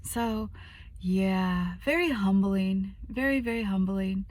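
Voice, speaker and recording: Woman relationship coach, casual vlog storyteller, self-deprecating, mid pitch, dry recording. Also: slow, darkish tone, no echo. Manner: chatty, self-deprecating, with fillers and asides.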